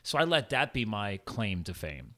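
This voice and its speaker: Young guy on a podcast, kinda low voice, rambles, says man a lot. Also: sing-song, moderate pace, pushed and bright. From farm upbringing, rural. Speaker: podcast guest. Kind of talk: casual conversation.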